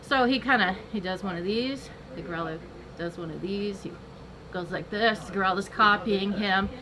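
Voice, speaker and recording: A woman chatting casually on a livestream and telling an animated joke, acting out the characters as she goes. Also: moderate pace, background noise. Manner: animated storyteller, acts out the characters with big pitch jumps.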